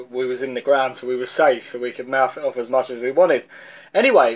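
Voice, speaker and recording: Male preacher with a London accent and a fairly high voice, casual and storytelling, restarts often. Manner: conversational storytelling, repeats words as he restarts. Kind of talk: informal video sermon.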